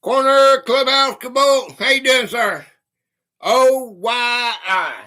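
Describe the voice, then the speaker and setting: Male stream host, bright and slow-paced, greeting viewers by name as he reads out quiz questions. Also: very high voice. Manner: chatty, greets viewers by name, thinks aloud. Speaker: livestream host. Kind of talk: casual livestream chat.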